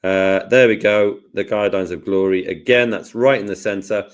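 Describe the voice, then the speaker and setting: A man hosting a casual live software lesson, jokey and self-deprecating as he talks through each step. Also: fairly low pitch, fairly even intonation, normal speed. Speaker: host, design tutor.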